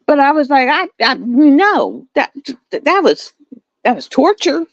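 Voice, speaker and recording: A middle-aged woman chatting casually to viewers, animated and laughing often. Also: sits high, unhurried, no echo, lo-fi sound. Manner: animated storytelling, laughs often, swings between voices. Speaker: live stream host.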